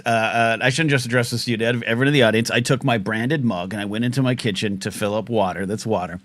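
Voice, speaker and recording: A man's voice: medium pitch, steady tone, fast talker, fairly bright tone, no room sound. Man, call-in show host, rambling, self-mocking, jokey, catch in the throat, dry sound. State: throat catching after choking on a chip. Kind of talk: casual talk-radio chat.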